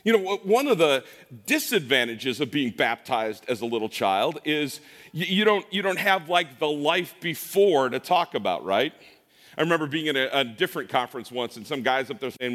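Animated middle-aged pastor in a reverberant church. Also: male voice, on the high side, moderate pace. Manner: casual, joking, animated preaching with frequent restarts. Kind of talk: conversational sermon. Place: church sanctuary.

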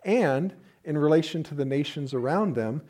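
A man's voice: fairly high pitch, animated, normal speed, darkish tone. A man, a pastor, preaching a sermon in a conversational way with playful asides. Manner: conversational, uses playful asides and acted-out quotes.

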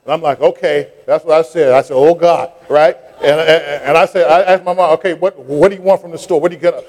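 A man's voice: a little high, fairly even intonation, a little fast, darkish tone. A middle-aged man, preaching a sermon and telling a childhood story with rising fervor. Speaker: pastor.

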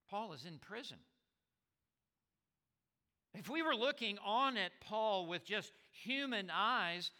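A man's voice: high voice, pushed and bright. A man preaching a sermon as a pastor, stressing and repeating key words, with small stammers as he restarts. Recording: long reverb of a large hall.

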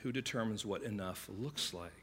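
Animated, bright-voiced man preaching. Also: fairly low pitch, slightly rough. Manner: conversational, animated storytelling with quick asides; acts out quoted voices. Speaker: pastor. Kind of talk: sermon.

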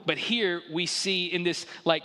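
A pastor preaching a sermon in an emphatic, conversational way, often saying "like", in a church. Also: male voice, sits high, fairly even intonation, a little slow, sharp tone. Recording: echoey hall.

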